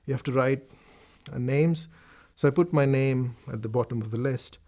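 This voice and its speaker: A middle-aged interviewee from South India, speaking with a South Indian accent, gives a reflective personal testimony in a somewhat mellow, mid-range voice. He talks at a moderate pace but hesitates and restarts often.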